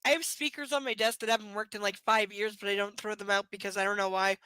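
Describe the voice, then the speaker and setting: A woman's voice: medium pitch, fairly even intonation, quick pace, pushed and bright, smooth, no echo. A tired woman reading a book aloud on a live stream and chatting bluntly, swearing freely and sardonic. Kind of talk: live reading and casual chat.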